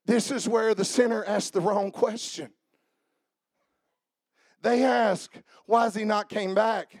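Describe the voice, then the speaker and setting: Male pastor in his forties, high voice, dry close sound; preaches with shouted peaks and soft asides. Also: fairly even intonation, takes it slowly, dry recording. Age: 40s. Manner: shouting and half-singing at climaxes; quiet conversational storytelling. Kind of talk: sermon. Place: church.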